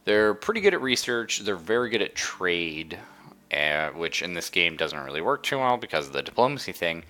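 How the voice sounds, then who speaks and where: A man with a low voice, very animated and at a moderate pace, streams a strategy game live and cheerfully explains the mechanics as he plays. His tone is pushed and bright, and the commentary stays casual.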